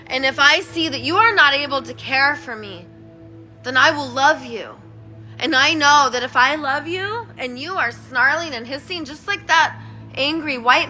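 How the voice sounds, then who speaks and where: High, bright-voiced woman preaching passionately. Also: low-quality recording. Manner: preachy, emphatic, repetitive appeals. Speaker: spiritual speaker. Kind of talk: impassioned spoken address. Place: outdoors, public street.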